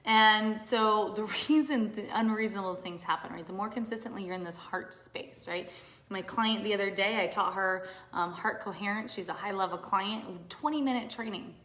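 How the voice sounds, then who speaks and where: Woman business coach on a live stream, animated, swings from whispers to loud exclamations, roomy echo. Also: medium pitch. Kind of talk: casual live stream talk to viewers.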